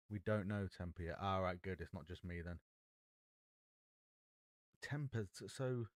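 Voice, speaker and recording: A man streams from home, musing out loud in an easy, rambling way as he reads card text and works through what it means. His voice sits low and sounds dry and close on the XLR mic. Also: no echo. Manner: thinking aloud while reading card text. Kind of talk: casual live-stream chat.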